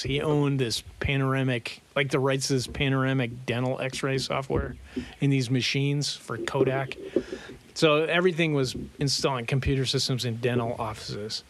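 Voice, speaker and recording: A man co-hosting a podcast in casual chat, telling anecdotes in an animated way and laughing through them. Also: medium pitch, moderate pace. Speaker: podcast co-host.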